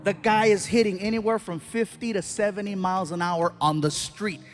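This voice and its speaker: A male stand-up comedian telling a travel story, animated, with loud bursts and exaggerated yelps. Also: high-pitched, normal speed, heavy background noise.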